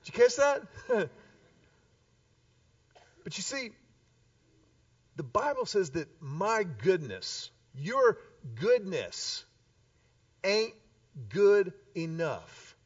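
A man preaching a sermon, an animated storyteller who acts out the voices of the people in his stories. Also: high voice, extremely slow, pauses often, dry recording. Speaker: pastor. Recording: distant dull live recording.

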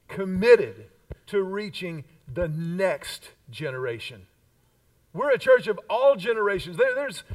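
A man's voice: high-pitched, far from the mic, rough recording. A man in his fifties preaching a sermon as pastor, with emphatic repeated lines and call-and-response. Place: church sanctuary.

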